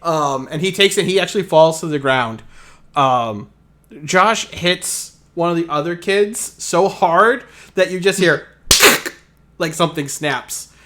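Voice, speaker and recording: A man runs a tabletop game, narrating the scene in a loose, rambling way with many fillers. His voice sits a little high and has a bright, forceful ring. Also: a little slow, slight background noise. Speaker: game master.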